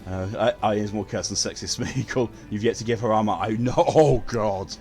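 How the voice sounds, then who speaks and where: A man's voice: lowish voice, normal speed, a little mellow, faint music behind. Sweary, chatty male game streamer. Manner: blunt and sweary, chatting with viewers while playing. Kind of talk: casual live-stream chat.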